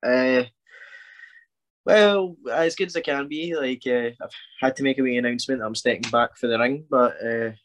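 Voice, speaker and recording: A man's voice: medium pitch, normal speed. A man, a sniffly podcast guest getting over a cold, talking in an eager, upbeat way. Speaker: guest, wrestler and promoter. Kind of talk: casual chat.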